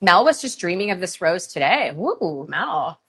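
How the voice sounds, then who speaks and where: A woman hosting a live shopping stream for roses, chatting casually with lots of fillers and pauses. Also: fairly low pitch, very animated, fairly bright tone, breathy edge. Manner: chatty, many fillers, emotional at times. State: tearful. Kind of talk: live sales stream chat. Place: rose farm, humid.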